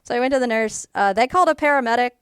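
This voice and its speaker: A woman casually telling a personal story to camera in a rambling way, full of fillers, and animated when she quotes people. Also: a little high, very fast, clean tone, no echo, studio quality. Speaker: YouTuber.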